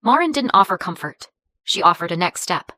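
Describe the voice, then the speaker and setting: Woman telling a story, lowish voice, steady pace, dry close sound. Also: brisk, dry recording. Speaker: narrator. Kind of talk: first-person story narration.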